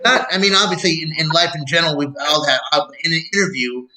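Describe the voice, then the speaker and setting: A man's voice: a little high, quick pace, a crowd in the background. A man hosting an interview, asking loose, rambling questions. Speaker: interview host. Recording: roomy echo, off-mic.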